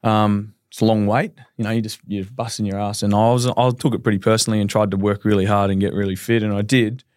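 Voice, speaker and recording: A quick-talking Australian man in his thirties, a podcast guest, tells his story in a candid, rambling way and acts out the quotes. His voice sits a little low. The sound is dry and close. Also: flat delivery, a little mellow, no echo. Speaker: podcast guest, professional footballer. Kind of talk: casual podcast interview.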